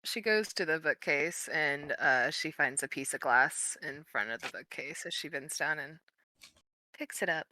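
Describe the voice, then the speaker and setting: A woman playing a tabletop game, soft-spoken and gentle. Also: deep voice, a little slow, slight background noise, low-quality recording. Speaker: player. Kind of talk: casual tabletop role-play.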